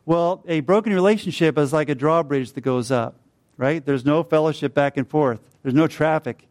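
A man's voice: on the high side, normal speed, darkish tone. Man preaching in a chatty storytelling way. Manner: conversational storytelling with fillers and tag questions. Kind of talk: sermon.

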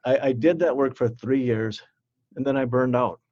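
A man's voice: medium pitch, normal speed, darkish tone, no room sound. Earnest man telling hard stories. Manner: earnest, repetitive, acts out quoted voices. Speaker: interview guest, former youth outreach worker. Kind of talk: candid interview storytelling. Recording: slightly dull, dry sound.

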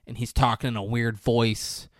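A man's voice: mid-range voice, moderate pace, dry recording. Guy recapping a movie for laughs, does all the voices, swears a lot, dry close mic. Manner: animated storytelling, jumps into voices for the characters; profane and blunt when joking. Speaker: podcast host recapping a movie. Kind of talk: casual comedic movie recap.

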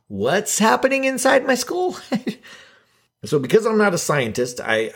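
A man hosting a podcast alone, talking in a casual, rambling and self-deprecating joking way. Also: mid-range voice. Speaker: podcast host. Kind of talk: casual solo podcast monologue.

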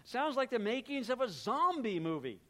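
A man preaching a sermon, explaining words and their meanings in a relaxed, talky way and briefly acting out little exchanges between people. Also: very high-pitched, moderate pace. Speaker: pastor.

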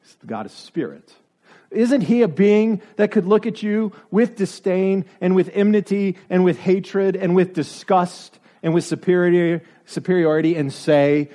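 A man's voice: high-pitched, a little slow, warm tone. A man preaching a sermon, driving his points home with repeated rhetorical questions and building to emphatic peaks.

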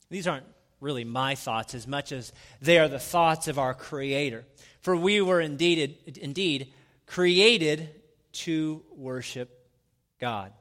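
A man pastor delivering a morning sermon, conversational and self-joking, slowing down for emphasis. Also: fairly high pitch, a bit bright, big-room sound. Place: church sanctuary.

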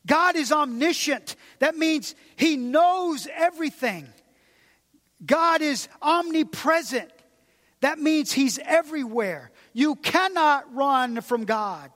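A man's voice: very high-pitched, lively intonation, slow, fairly bright tone, big-room sound. A man preaching a sermon as pastor, emphatic and repetitive, sometimes dropping to a near-whisper. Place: large church.

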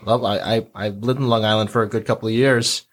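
A man's voice: lowish voice, fairly even intonation, fast. A man on a casual podcast panel, leading a list and joking with impressions. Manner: jokey, slips into impressions of accents. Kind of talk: casual chat.

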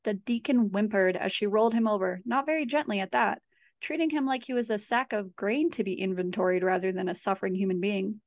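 A woman, the author, reading her own horror story aloud in a measured, steady storytelling voice. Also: medium pitch, no echo, studio quality.

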